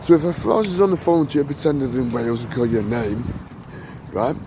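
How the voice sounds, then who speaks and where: A man's voice: mid-range voice, lively intonation, a little fast. A man talking to camera outdoors, rambling and repeating himself for emphasis as he warns viewers. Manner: repetitive, emphatic, digressive. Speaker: vlogger. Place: outdoors on a busy street. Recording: street traffic noise. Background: loud traffic.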